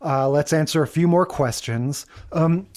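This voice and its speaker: A man's voice: a little high, a little slow, darkish tone. Wry, chatty male podcast co-host. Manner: wry, chatty, recaps episodes with asides. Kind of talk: casual chat.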